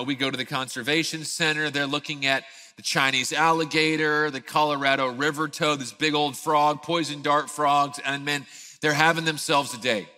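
A man in his thirties, a pastor giving a sermon, telling a family story in an animated way and acting out the scenes. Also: a little high, in a large hall.

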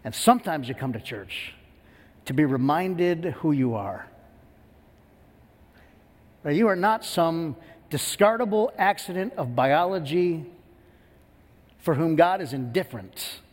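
A middle-aged man preaching a sermon as pastor, telling a story with lively quoted voices in a church. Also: fairly high pitch, measured pace, pauses often. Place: church sanctuary. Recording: long hall reverb.

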